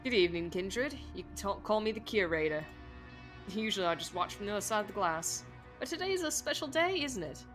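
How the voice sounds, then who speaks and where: A stern, clawed female curator who interrogates her prisoners in a put-on accent, voiced by a woman. She lectures coldly in a bright, tense voice, with faint music underneath, like a game read aloud. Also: medium pitch, animated, a little fast, natural voice.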